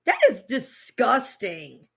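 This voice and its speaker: A woman's voice: on the high side, very animated, slow pace, gravelly, fairly bright tone, breathy edge. A woman streamer ranting at a clip she is reacting to, swearing hard and repeating herself. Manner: heated, swearing, repetitive. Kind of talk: profane livestream rant.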